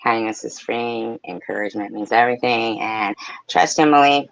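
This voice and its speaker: Gravelly woman ranting bluntly. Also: a bass voice, moderate pace, no room sound. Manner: blunt, profane, heated. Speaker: streamer. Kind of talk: livestream rant to viewers. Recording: dull, lo-fi, dry mic.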